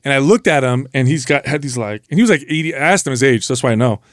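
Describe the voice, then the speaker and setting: A man's voice: mid-range voice, rapid-fire, no echo. Man on a dry studio mic, explaining. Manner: explains and retells stories with emphasis. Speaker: podcast co-host. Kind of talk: casual fitness podcast talk.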